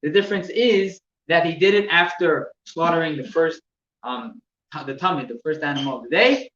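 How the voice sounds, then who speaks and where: Man teaching from a distance, slightly high voice, echoey room, dull muffled sound, halting repeats. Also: a bit bright, a little hiss or hum. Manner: halting, repeats words, shows gestures. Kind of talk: explaining laws in a class.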